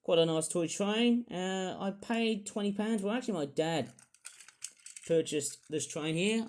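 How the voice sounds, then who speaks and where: A young man with a slightly high voice talks his way through a toy review. He rambles, apologises for himself and trails off into ums and you-knows before finding his thread again. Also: darkish tone. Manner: rambling, self-deprecating, full of fillers. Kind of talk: casual toy review vlog.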